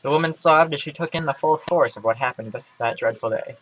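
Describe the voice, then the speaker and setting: A man's voice: mid-range voice, brisk, fairly bright tone, slight background noise, low-quality recording. A tired young man casually reading a story aloud from his webcam, with sarcastic asides and stumbles over words. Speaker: gaming vlogger. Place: indoor room.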